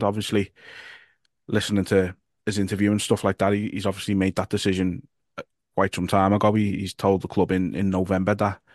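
A man with a Liverpool accent hosting a casual podcast, halting and repeating his words, swearing now and then. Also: on the low side, dry recording, clean studio sound. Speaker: podcast host.

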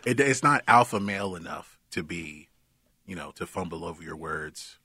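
A man co-hosting a podcast in casual chat, halting and often laughing. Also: low voice, expressive, sharp tone, slightly rough, no room sound. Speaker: podcast co-host.

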